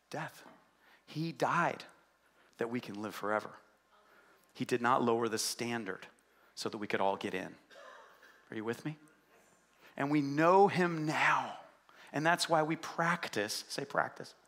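A man preaching a sermon as pastor, swinging between loud urgent passages and quiet, low emphasis. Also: unhurried, pauses often.

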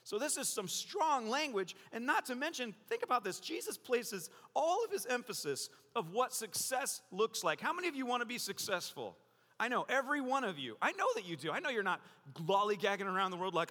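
A male pastor preaches with a high, lively voice that leaps up and down as he teases the congregation. His tone is bright, and the sermon rings out in a reverberant church hall. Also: normal speed. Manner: playful, jokey, animated preaching.

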